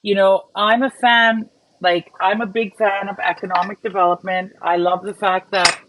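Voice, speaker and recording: A woman's voice: medium pitch, little pitch movement, normal speed, a bit bright, no room sound, low-quality recording. A woman from Canada hosting a casual cooking livestream, chatting and greeting viewers by name while she cooks. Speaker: cooking show host.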